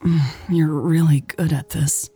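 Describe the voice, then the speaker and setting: A woman narrator voicing an exhausted, injured young woman with dry humor, in a weary, breathy voice. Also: low voice, steady tone, slow pace, dark tone, faint music behind, exaggerated voice.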